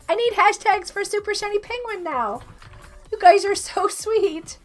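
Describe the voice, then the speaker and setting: High-pitched, giggly sick woman streamer. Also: animated, moderate pace, faint music behind. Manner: bubbly, giggly, reads chat aloud. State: sick with a cough. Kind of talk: casual live-stream chat.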